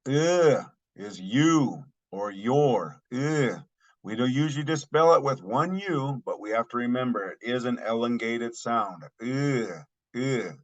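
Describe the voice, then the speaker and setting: A man teaching a language lesson, saying each phrase twice slowly and then explaining it in plain terms. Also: medium pitch, expressive. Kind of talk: slow spoken language lesson.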